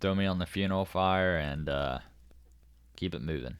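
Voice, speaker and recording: A man's voice: sits low, normal speed, clean tone. A man co-hosting a casual podcast, asking joking questions. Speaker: podcast co-host. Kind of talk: casual chat.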